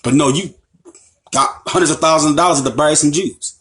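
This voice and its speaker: A man from the United States lectures as an Islamic teacher, with a voice that sits somewhat high for a man. He drives his points home by repeating phrases and firing rhetorical questions at his audience. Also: fairly quick, fairly bright tone. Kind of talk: impassioned lecture.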